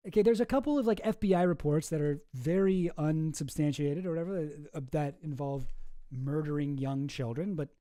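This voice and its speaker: Male streamer host, fairly high mellow voice, sarcastic and rambling, dry close sound. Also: a little fast, no echo. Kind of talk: casual livestream commentary.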